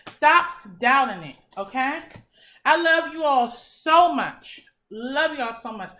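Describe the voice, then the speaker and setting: A woman's voice: high voice, expressive, slow pace, pushed and bright. A young woman giving a tarot reading in a casual, blunt and encouraging way, swearing freely. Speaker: tarot reader.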